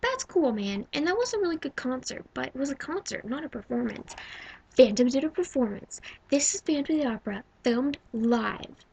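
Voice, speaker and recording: A young woman in her twenties chats through her favorite movies in a casual vlog, her voice sitting a little high with a gravelly edge. She gushes freely and swings between loud exclaiming and hushed, breathy whispers. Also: very animated, moderate pace, a little hiss or hum, rough recording. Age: 20s. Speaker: vlogger.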